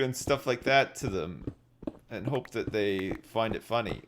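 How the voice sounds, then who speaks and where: Slow-talking man joking with chat. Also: medium pitch, background noise. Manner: joking, rambling, talks to chat. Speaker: livestreamer. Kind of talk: casual live-stream chat while gaming. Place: home gaming setup.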